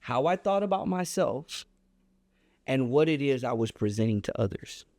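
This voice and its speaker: A man telling a personal story on a podcast, animated and emphatic in a casual, colloquial way. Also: moderate pace, no room sound. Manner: animated, emphatic storyteller with a wide pitch swing; casual and colloquial, reflective when making his point.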